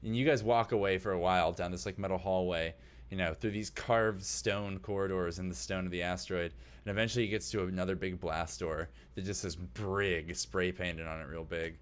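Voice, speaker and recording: A man's voice: low voice, fairly even intonation, a little fast, clear, resonant tone. A man narrating as game master of a tabletop game, describing scenes loosely with many fillers.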